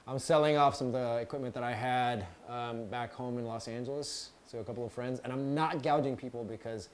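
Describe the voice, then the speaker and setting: A man's voice: medium pitch, steady tone, brisk, slight background noise. A young man co-hosting a podcast, chatting casually in bursts with many fillers. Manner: laid-back, talks in bursts with many fillers. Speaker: podcast co-host. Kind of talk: casual chat.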